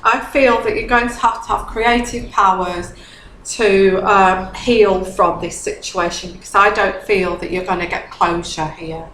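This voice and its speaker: A woman's voice: medium pitch, steady tone, unhurried, a bit bright. A woman doing a casual tarot reading. She repeats her phrases, keeps asking "okay?" and sounds a little tipsy. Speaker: tarot reader. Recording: echoey room with faint background hum.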